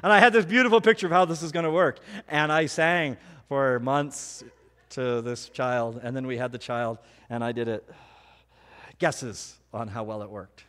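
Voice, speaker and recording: A middle-aged man preaching a sermon, telling personal stories with animated, self-mocking humor. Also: medium pitch, moderate pace. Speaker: pastor. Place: church hall. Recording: hall reverb.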